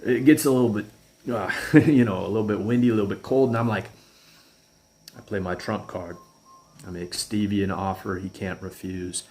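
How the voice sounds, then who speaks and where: A man's voice: lowish voice, normal speed, a little mellow. A man casually telling a personal story, rambling and chuckling as he goes. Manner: rambling, chuckling, restarts often.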